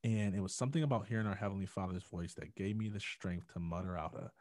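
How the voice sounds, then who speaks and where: A man's voice: deep voice, fast, a little mellow, no echo, studio quality. A man, a podcast guest, telling a personal story in earnest and acting out the quotes with rising intensity. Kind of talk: personal testimony in a podcast interview.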